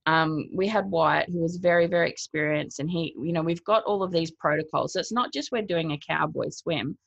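A woman's voice: sits low, brisk, vocal fry, no echo. A woman, a cold-water swimmer, retelling her experience in a casual interview, acting out what people said to her. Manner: lively retelling, acts out quotes, laughs between thoughts. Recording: dull lo-fi, dry sound.

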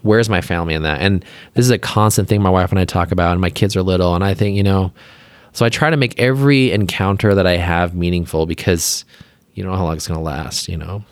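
A man's voice: low-pitched, fast, dry recording. A man who is a plastic surgeon, chatting casually as a podcast guest, talking in loose rambling sentences full of fillers and openly emotional. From Utah, US.

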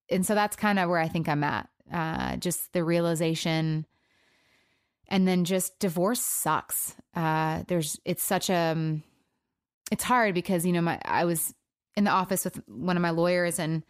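A woman in her thirties hosting a solo podcast, talking in a halting, soft-spoken way and sounding emotionally raw and subdued. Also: on the low side, smooth, no echo, studio quality. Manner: halting, soft-spoken, with frequent pauses and trailing phrases. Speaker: podcast host. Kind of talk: casual solo podcast talk.

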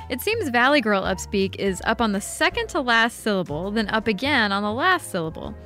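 A woman's voice: mid-range voice, fairly bright tone. A woman co-hosting a podcast, reading a listener's letter aloud in a playful, conversational way. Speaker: podcast co-host. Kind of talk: casual chat, reading listener mail.

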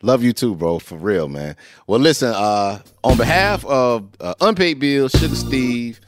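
A man's voice: unhurried, music in the background. A man hosting a podcast, chatting casually and animatedly. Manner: animated, laughing, swings high when excited. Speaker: podcast host. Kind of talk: casual chat.

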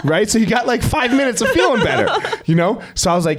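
A man's voice: high voice, sing-song, quick pace, hardly any pauses. A man in his thirties hosting a podcast interview, telling crude stories with lots of swearing. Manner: crude, profane storytelling. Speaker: podcast host. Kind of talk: casual interview chat.

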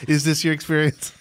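A man co-hosting a podcast in casual chat, making wry, deadpan quips. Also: fairly high pitch, no echo, studio quality. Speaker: podcast co-host.

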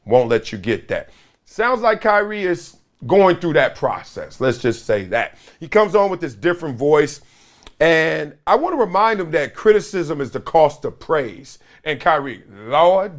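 A middle-aged man runs a solo sports talk show with a lively, swooping delivery. His voice sits a little high for a man. He tells stories with energy and acts out the people he quotes and the sounds he describes. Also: unhurried. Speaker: podcast host.

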